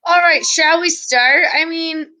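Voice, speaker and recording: A woman's voice: very high-pitched, measured pace, pushed and bright. A woman teacher chatting with her class and reading quiz questions aloud in a live online review.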